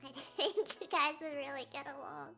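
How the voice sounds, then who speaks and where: A young woman hosting a stream, chatting casually and telling animated stories that imitate others. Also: sits high, normal speed, gravelly. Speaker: streamer host. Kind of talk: casual chat. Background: faint music.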